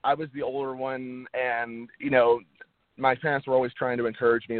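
A man's voice: medium pitch, level tone, moderate pace, no room sound. A man, an actor being interviewed, talking earnestly and casually, often repeating words as he restarts. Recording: tinny phone-like line, dry.

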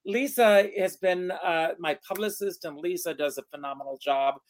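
A man's voice: sits high, normal speed. Enthusiastic male interview host. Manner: warm, enthusiastic, affirming.

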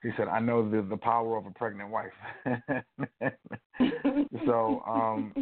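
Low-voiced man rambling through a story. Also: slow pace. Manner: rambling, animated anecdote telling with many fillers. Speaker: co-host. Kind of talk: casual storytelling chat. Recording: tinny phone-like audio.

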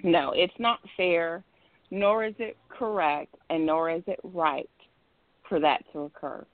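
A woman's voice: fairly low pitch, steady tone, measured pace, no echo. A woman calls in over a tinny phone line, talking in a casual discussion. She explains at length, emphatic and rambling, circling back and repeating herself. The room is dry and close. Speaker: caller.

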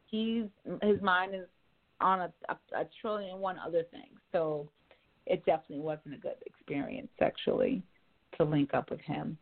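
A woman's voice: lowish voice, big pitch swings, normal speed, vocal fry. A woman calling in for a casual chat, talking frankly and profanely and laughing often. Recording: tinny phone line.

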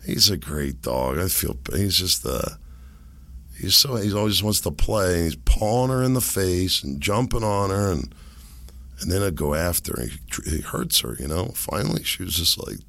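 Hoarse, gravelly-voiced man podcasting. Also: deep voice, animated, moderate pace, pushed and bright, no echo. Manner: rambling, self-amused, laughs at own jokes. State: hoarse, sick voice. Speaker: podcast host. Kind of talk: casual solo podcast monologue. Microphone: desk microphone.

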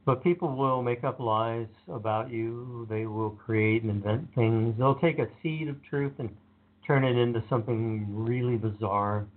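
A man in a casual conversation, telling anecdotes about his work in a relaxed way and acting out what others said. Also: mid-range voice, a little slow. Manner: relaxed, anecdotal, acts out quotes. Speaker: author being interviewed. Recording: narrow phone-like sound.

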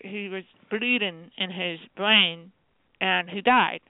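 A woman calls in as a guest author, telling a story in a lively, chatty way and acting out what each person said. Her voice comes through a thin, tinny phone line. The sound is dry, with no room around it. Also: mid-range voice, slow, no echo. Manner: retells conversations in quoted voices, lively and chatty. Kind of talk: animated storytelling on a call-in radio show.

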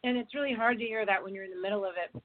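A woman's voice: mid-range voice, rapid-fire. A woman hosting a casual chat, speaking earnestly and laughing between her thoughts. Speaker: host. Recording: tinny phone-like line.

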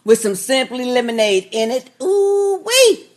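A woman co-hosting a casual podcast, excitable and laughing, often repeating herself. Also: high-pitched, a little slow. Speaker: podcast co-host. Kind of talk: casual chat.

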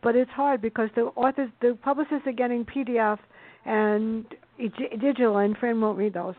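A woman book reviewer chatting as a guest on a talk show, telling stories in a chatty, animated way over the phone. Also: fairly high pitch, moderate pace. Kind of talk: casual chat on a call-in show. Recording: tinny phone line.

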